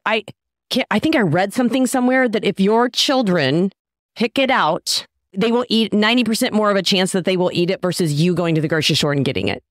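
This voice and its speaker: A woman's voice: medium pitch, brisk, no room sound. A middle-aged woman with a mid-range voice, a fitness guest on a podcast. She hands out practical tips in a casual way, filling her talk with "like". The sound is dry. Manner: practical, gives tips with many likes. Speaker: fitness and nutrition expert guest.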